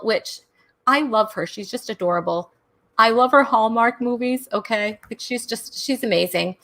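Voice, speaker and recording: A chatty woman hosts a live online comedy talk show with bubbly excitement. Her voice sits a bit high and rings bright and forward. She giggles, stumbles and restarts her lines as she goes. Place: home in Rhode Island during a thunderstorm.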